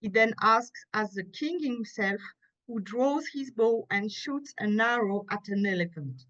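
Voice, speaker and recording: A woman with a French accent, reading an academic paper aloud at a conference in a careful, measured way, pausing now and then to correct a slip. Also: on the high side, expressive, a bit bright. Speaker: conference speaker. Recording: muffled, lo-fi conference audio.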